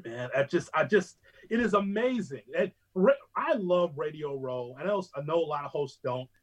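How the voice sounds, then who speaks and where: A sports radio host with a slightly high voice tells stories in a casual chat with a fellow host, recorded in poor audio. He's animated and quick to imitate other broadcasters.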